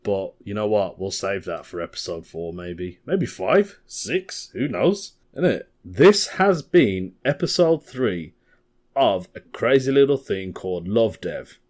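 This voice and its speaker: Chuckling comedian rambling. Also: male voice, lowish voice, expressive, measured pace, a little mellow. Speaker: comedian and podcast host. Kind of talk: casual comedy podcast monologue.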